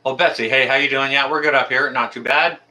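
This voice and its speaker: Casual male livestream host, bright voice, friendly, halting, filler-heavy. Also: mid-range voice, steady tone. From Canada. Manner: friendly, chatty, many ums and uhs. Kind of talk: casual live chat greeting viewers.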